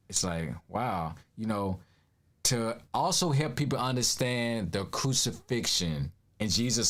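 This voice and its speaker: A man giving casual reaction commentary, emphatic and slangy, laughing often. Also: medium pitch.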